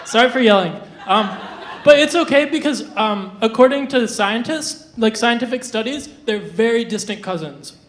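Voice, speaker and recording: A young adult stand-up comedian on a live stage, delivering absurd jokes deadpan with hesitant restarts and lots of fillers. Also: medium pitch, moderate pace, slight background noise. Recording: roomy live venue sound.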